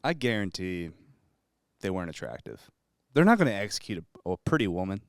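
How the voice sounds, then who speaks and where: A young man co-hosting a casual comedy podcast, delivering crude one-liners flatly. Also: low voice, brisk, smooth, no echo, clean studio sound. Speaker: podcast co-host.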